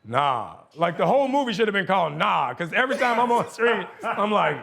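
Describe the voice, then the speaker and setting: A man, telling profane, animated stories as a guest on a casual podcast. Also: high-pitched, quick pace, vocal fry, crowd noise. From New Orleans, USA. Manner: animated, profane storytelling with frequent laughter. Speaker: guest actor. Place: podcast studio.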